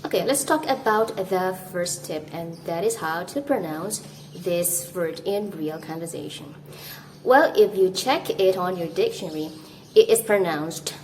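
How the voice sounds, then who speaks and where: A young Indonesian woman teaching English to camera, speaking slowly and carefully and demonstrating how words sound. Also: fairly low pitch, expressive, a little hiss or hum, poor audio. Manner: slow, careful, demonstrates pronunciations. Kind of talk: scripted English lesson to camera.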